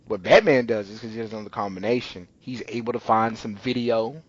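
A man's voice: fairly low pitch, fairly quick, slightly rough, dry recording. Man, casual episode recap, rambling, dry close sound, slightly dull audio. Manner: rambling, many ums and restarts. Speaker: podcast co-host.

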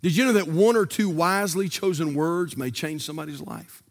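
An older man, preaching a sermon from a church pulpit in a fervent, sing-song cadence that rises to shouts. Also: a little high, a little fast. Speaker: pastor.

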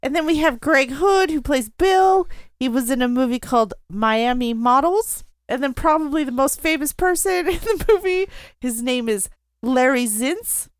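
A woman's voice: high-pitched, animated, moderate pace, no echo. A woman co-hosting a podcast, reading out movie credits in casual chat and giggling now and then. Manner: reads film facts, giggles. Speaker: podcast co-host.

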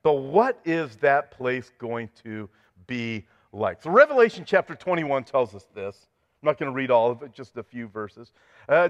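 A man's voice: medium pitch, big pitch swings, normal speed. A man preaching a sermon as pastor, joking with the congregation and reading scripture aloud with rising intensity. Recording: dull sound with long hall reverb.

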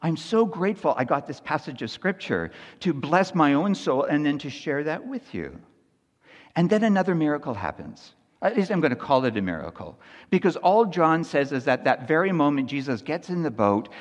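A man delivering a sermon in a long-echoing hall, his voice sitting at an ordinary middle pitch. He talks to the congregation conversationally, dropping to near-hushed lines and then rising into loud, animated retelling. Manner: conversational preaching, frequent "Right?" asides. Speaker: pastor.

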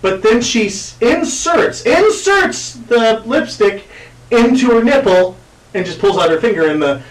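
A man's voice: very high voice, lively intonation, unhurried, recorded from a distance. A man hosting a podcast, rambling crudely with lots of fillers, in an echoey room away from the mic. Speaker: podcast host. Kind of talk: casual chat.

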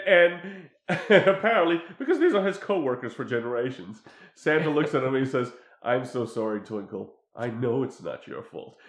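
A man recapping a film plot in casual chat, laughing often and stumbling through restarts. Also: mid-range voice. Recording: echoey room.

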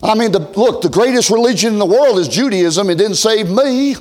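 Middle-aged man, pastor, high voice, folksy revival preaching with big loud-to-soft swings. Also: expressive, fairly quick. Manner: folksy, swinging from loud shouting to hushed near-whisper. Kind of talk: revival sermon.

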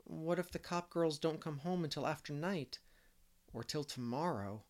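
A man's voice: fairly high pitch, normal speed, lightly acted. A man doing an anxious, eager young girl. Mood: worried.

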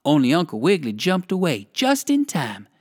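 An expressive narrator reading a children's story aloud. The pitch swings very widely, and the voice is close and dry. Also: normal speed, no room sound. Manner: expressive, sing-song.

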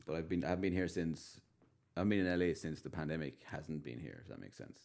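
A man with a very low voice chatting as a guest. His pitch still moves a lot, and he makes dry, understated remarks. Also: big pitch swings, brisk, gravelly, darkish tone. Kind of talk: casual chat.

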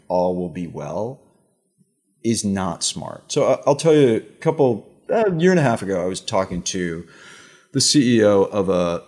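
Middle-aged male exec guest: husky, expressive, animated storyteller. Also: on the low side. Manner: animated storytelling, emphatic asides. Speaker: media executive guest. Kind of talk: conversational interview.

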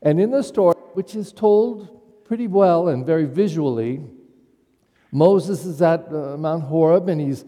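A man's voice: fairly high pitch, a little slow, dark tone. A man who is a pastor, giving a conversational homily and putting questions to his congregation. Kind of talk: sermon. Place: church. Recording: long church reverb.

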